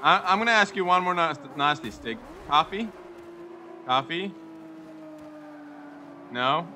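A young man giving casual, excitable commentary over a racing game, joking and giggling as he drives. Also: a little high, slow, a little hiss or hum. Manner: excitable, giggly, jokey running chatter. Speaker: gaming YouTuber.

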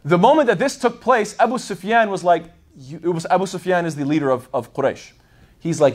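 A man's voice: high-pitched, animated, normal speed. A man giving a casual religious lesson, rambling and thinking aloud with plenty of fillers as he tells the story. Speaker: Islamic lecturer. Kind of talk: casual explanatory talk.

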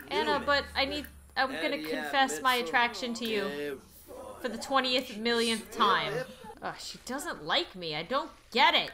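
A woman's voice: a little high, big pitch swings, a crowd in the background. A young woman narrating a life-sim game as a Let's Play host, playfully voicing her characters. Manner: playful, voices her characters in quick asides. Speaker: gaming YouTuber.

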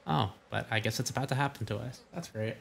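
A man's voice: medium pitch, quick pace, gravelly, fairly bright tone, a little hiss or hum. A young man giving casual let's-play commentary, reacting with crude, sarcastic jokes. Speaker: gaming voice-over streamer.

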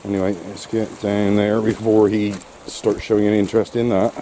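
A man's voice: fairly low pitch, level tone, moderate pace, mellow, slight background noise. A man with a dry, wry way of talking, chatting casually to his dog on a walk outdoors. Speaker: dog-walking vlogger. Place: outdoors on a wet shore and woods.

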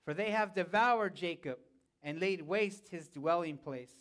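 High-voiced man preaching a sermon. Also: a little slow, fairly bright tone. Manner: preaching with repeated calls of "Amen?" to the congregation. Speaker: pastor. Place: church sanctuary.

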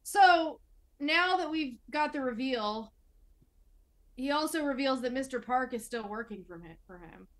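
A woman's voice: high voice, expressive, measured pace, a bit bright. A woman co-hosting a film review podcast, chatting casually as she recaps scenes, with plenty of fillers. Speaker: podcast co-host.

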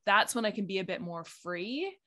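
A woman's voice: medium pitch, normal speed. A woman hosting an interview podcast, chatting casually and expressively about her own acting. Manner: lively, expressive, self-described performative. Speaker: podcast host, actor.

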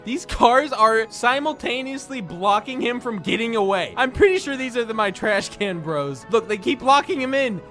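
A young man gives excitable, joking game commentary, laughing often as he plays. His voice sits high, bright and forward, swinging widely in pitch. Faint game music plays underneath. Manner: giggly, excitable, animated. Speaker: gaming YouTuber.

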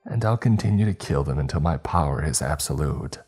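A man's voice: a bass voice, lively intonation, brisk, darkish tone, slightly rough, faint music behind, full character voice. A man voicing a mocking, spiteful inhuman woman who leads a band of killers. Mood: taunting. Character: taunting inhuman female killer leader.

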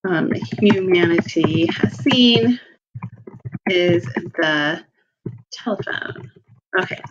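Lo-fi woman walking through a tutorial. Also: on the low side. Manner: relaxed, thinking aloud with ums and self-corrections. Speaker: teacher giving a software tutorial. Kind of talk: screen-recorded tutorial walkthrough.

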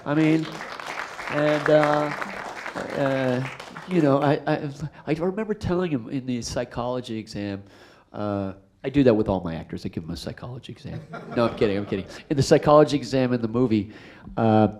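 A man's voice: mid-range voice, moderate pace, some chatter behind. A middle-aged man, a film director, telling stories at a live Q&A after a screening, acting out voices in his anecdotes. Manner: animated, acts out voices in anecdotes. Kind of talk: storytelling at a live Q&A. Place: theater stage after a screening.

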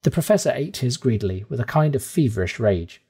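A man reading a classic novel aloud in calm, measured audiobook narration. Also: medium pitch, slightly rough.

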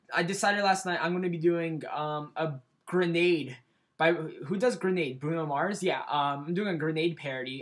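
A man's voice: a little high, fairly bright tone. A man chatting casually in a home vlog, rambling and self-deprecating, with many ums and restarts, recorded indoors through his computer's built-in mic. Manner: hesitant, full of ums and restarts. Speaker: YouTube vlogger. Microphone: computer webcam mic.

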